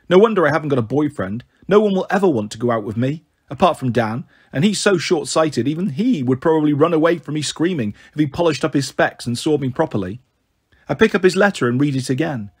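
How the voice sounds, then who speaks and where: A man's voice: on the high side, breathy edge. A man reading a first-person novel aloud in a wry, sulky narrating manner. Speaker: audiobook reader.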